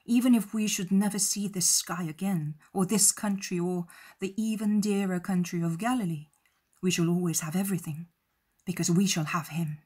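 A woman voicing Joseph, a protective, steady grown man, in a soft breathy voice. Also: on the low side, moderate pace. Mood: comforting.

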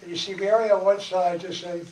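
A man's voice: high-pitched, fairly even intonation, brisk. Chatty New man lecturing in a church. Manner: folksy, chatty, laughs and acts out dialogue. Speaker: parish presenter. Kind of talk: church study-group talk. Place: church meeting room. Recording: echoey church hall from far off, faint hiss.

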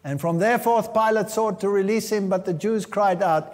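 A man's voice: high-pitched, moderate pace, a little mellow, long reverb tail. A man preaching a sermon, reading scripture aloud with dramatic emphasis and a touch of dry humor.

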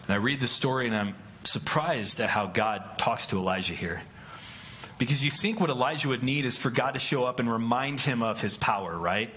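A man's voice: mid-range voice, lively intonation, a little fast, bright, forceful tone, a little hiss or hum. A male pastor giving a conversational sermon, often checking in with "right?". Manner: conversational, keeps asking "right?".

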